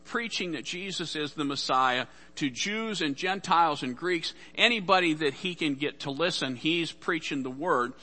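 A man's voice: a little high, normal speed, few pauses, pushed and bright. A man preaching a sermon as pastor, casual and conversational, acting out the voices in Bible stories.

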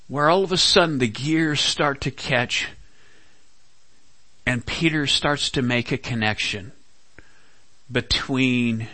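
A man preaching a sermon, slow and dramatic, acting out quoted lines. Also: mid-range voice, sharp tone, dry recording. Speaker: pastor.

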